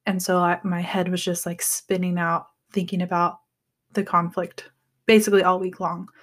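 A woman's voice: on the low side, normal speed. A young woman in casual chat, telling a story with lots of acted-out quotes. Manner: animated storyteller acting out quotes.

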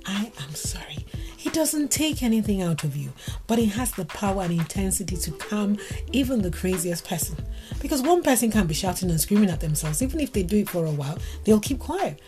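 Woman telling a story, lively, acts out the dialogue, music playing behind her. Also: mid-range voice, fairly quick. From Africa. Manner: animated, acts out quoted dialogue. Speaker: speaker giving relationship advice. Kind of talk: storytelling talk.

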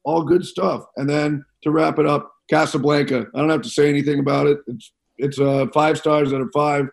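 A man co-hosting a casual movie podcast, giving quick upbeat film picks with a playful showman touch. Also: fairly high pitch, level tone, vocal fry. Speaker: podcast co-host.

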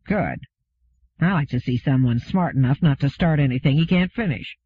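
A man's voice: a little high, normal speed, slightly rough. A man voicing a brutish, menacing spaceship crewman who sneers and threatens. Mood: sneering. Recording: phone-like narrow sound.

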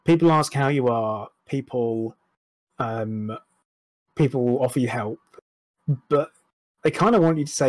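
A man's voice: mid-range voice, a little slow, pauses often, no room sound. Frank, rambling man, dry sound. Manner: rambling, frank, self-deprecating, with restarts and swearing. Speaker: interview guest. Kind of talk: candid personal conversation.

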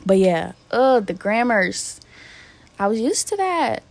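A woman's voice: fairly high pitch, sing-song, takes it slowly, vocal fry, a little mellow. A young woman hosting her own podcast, speaking in a candid, profane, emotionally raw solo vent to her listeners. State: emotionally hurt, near tears. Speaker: podcast host. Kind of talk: casual solo podcast venting.

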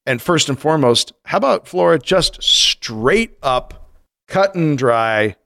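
Lively man rambling on a podcast. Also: a little high, takes it slowly, gravelly. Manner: animated, laughs often, rambling with restarts. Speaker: podcast co-host. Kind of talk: casual chat.

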